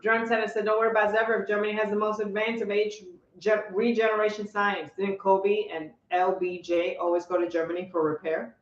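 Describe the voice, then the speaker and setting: A woman's voice: medium pitch, flat delivery, fairly quick, echoey room, dull audio. A woman co-hosting a tennis show in casual live-stream chat, skeptical and chatty, filling with "like.".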